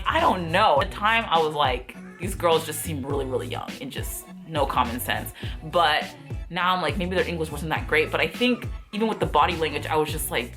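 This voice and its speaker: A woman's voice: deep voice, fairly quick, faint music behind. A young woman vlogger telling a story in a casual, exasperated way, full of "like" and replayed quotes. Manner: exasperated, animated, heavy use of "like".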